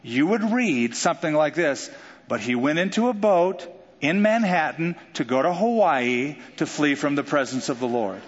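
A man preaching a sermon in an animated way, joking and acting out quotes. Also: on the high side, normal speed. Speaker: pastor. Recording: dull sound with long hall reverb.

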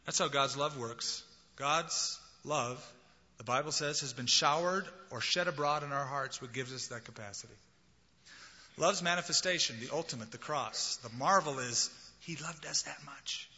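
Guy preaching a sermon, bright sharp voice, acts out quotes, dull recording in a big reverby hall. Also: mid-range voice, normal speed. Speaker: pastor.

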